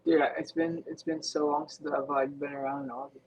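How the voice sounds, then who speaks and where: A man's voice: fairly high pitch, little pitch movement, brisk, a little mellow, a little hiss or hum, rough recording. A young man, a guest on a podcast, talking in a laid-back, casual way full of "like" and "dude". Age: young adult. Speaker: guest motocross rider. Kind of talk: casual interview chat.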